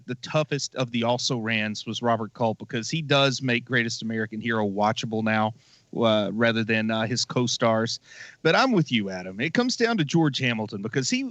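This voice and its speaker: A man's voice: mid-range voice, fairly bright tone, no room sound. A man giving his opinions wryly as a co-host on a casual movie podcast. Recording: slightly dull lo-fi audio.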